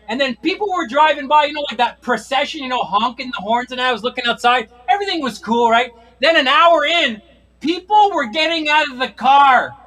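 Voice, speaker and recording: Middle-aged guy doing standup, ranting and swearing, real high bright voice. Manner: exasperated ranting, frequent swearing. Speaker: stand-up comedian. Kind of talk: stand-up routine. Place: comedy stage.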